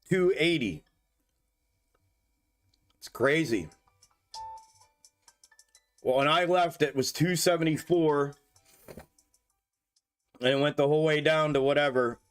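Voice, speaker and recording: Excitable cursing man on a trading livestream. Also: a little high, measured pace, pauses often, faint music behind. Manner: profane, excitable, talks to viewers as "y'all". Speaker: stock market livestream host. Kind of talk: casual livestream commentary. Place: home desk setup.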